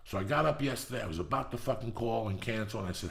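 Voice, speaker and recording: A middle-aged man hosting a podcast, telling a long story with constant swearing and rising excitement. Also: medium pitch, fast talker, gravelly, echoey room. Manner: profane, animated storytelling. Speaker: podcast host. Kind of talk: storytelling monologue.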